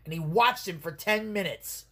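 A man's voice: high voice, normal speed, a bit bright. A man hosting a casual podcast, telling wrestling stories in a rambling, profane way and laughing as he goes. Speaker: podcast host. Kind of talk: casual storytelling recap.

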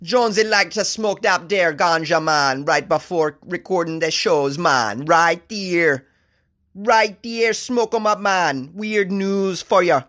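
A man's voice: high voice, takes it slowly, a bit bright, voice pushed up. A man putting on a laid-back male stoner with a Jamaican accent, drawling and loose. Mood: mellow.

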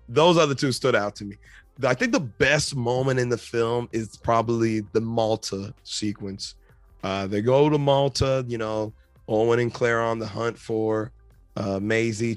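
A man's voice: on the low side, dry recording. A man hosting a podcast, giving a casual movie review, rambling and enthusiastic with lots of fillers. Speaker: podcast host.

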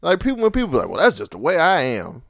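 Lively, slightly higher-voiced joking man. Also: fast talker, creaky, no echo, clean studio sound. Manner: joking banter, ranting. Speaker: podcast co-host. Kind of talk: casual chat.

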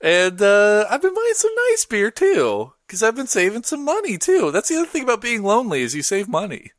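A man's voice: brisk, no room sound, clean studio sound. A man hosting a podcast in casual chat, laid-back and slangy. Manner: laid-back, slangy, swings up in pitch when excited. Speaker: podcast host.

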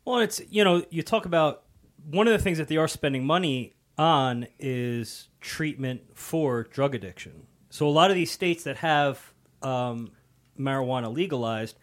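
A man's voice: medium pitch, moderate pace. A man in casual podcast chat, explaining a point in an earnest way.

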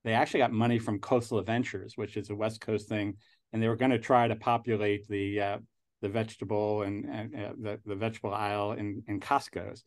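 Here the angel investor guest, a man in his sixties with a New York accent, sounds fairly low and even, moving at a brisk pace. He chats casually in the interview, rambling and restarting often.

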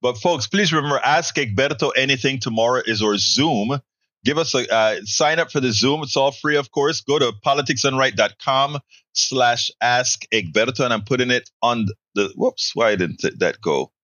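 A man's voice: mid-range voice, normal speed, sharp tone, dry recording. A man hosting a political talk show, chatty and upbeat as he reads viewer comments. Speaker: host.

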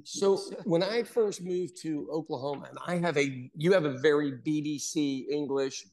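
An American man hosting a casual chat, an animated storyteller who mimics voices in his anecdotes. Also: fairly high pitch, normal speed. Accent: General American. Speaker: podcast host.

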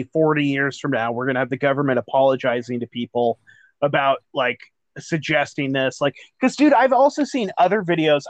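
A man's voice: fairly high pitch, no room sound, highs cut off. A man co-hosting a podcast in casual chat, swearing freely and laughing often. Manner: profane, excitable, laughs often. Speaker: podcast co-host.

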